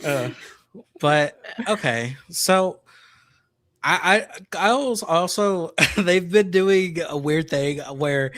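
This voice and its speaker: A man co-hosting a podcast, rambling through a story with halting restarts. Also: on the high side, fairly bright tone. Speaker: podcast co-host. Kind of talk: casual podcast chat.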